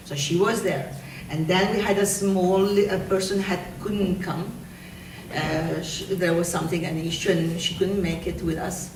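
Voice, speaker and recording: A woman teacher giving an award speech at a school ceremony, telling a story with halting restarts. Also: lowish voice, fairly even intonation. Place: school hall. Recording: echoey room, distant from mic, faint noise.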